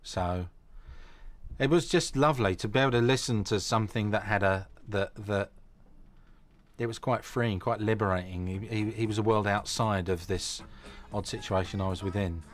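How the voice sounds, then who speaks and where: A man reflects gently and thoughtfully in an interview. His voice sits fairly low. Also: moderate pace.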